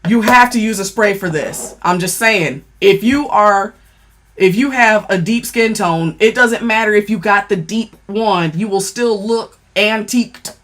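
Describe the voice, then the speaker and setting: A woman's voice: medium pitch, a little slow, fairly bright tone. A woman giving a casual makeup product review, blunt and profane, who keeps checking in with "okay?". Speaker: beauty vlogger.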